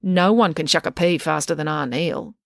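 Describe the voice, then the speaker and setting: A blunt, bossy old woman from the circus, who once worked as an aerialist, speaks in a fairly low voice, as a woman reading aloud plays her. She gives commands bluntly and plainly. The storybook reading sounds dry and close. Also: moderate pace, gravelly, dry recording. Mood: brusque. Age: older. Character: stern old female former circus aerialist.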